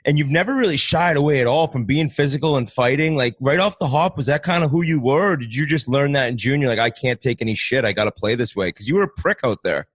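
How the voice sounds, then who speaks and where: A man's voice: medium pitch, quick pace, hardly any pauses, no room sound, clean studio sound. A man co-hosting a podcast, asking blunt, joking questions with casual swearing. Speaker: podcast co-host. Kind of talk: casual interview chat. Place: studio.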